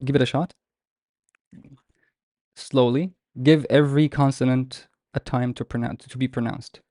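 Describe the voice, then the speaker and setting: A man teaching a live online class, explaining patiently and step by step with many pauses. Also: mid-range voice, steady tone, warm tone, no room sound, studio quality. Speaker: Arabic teacher.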